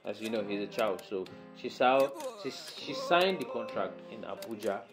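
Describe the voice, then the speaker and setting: A woman's voice: very deep voice, lively intonation, moderate pace. A woman chatting casually to viewers about celebrity news. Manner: chatty, addresses viewers as guys. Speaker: entertainment news vlogger. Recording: music playing under the voice.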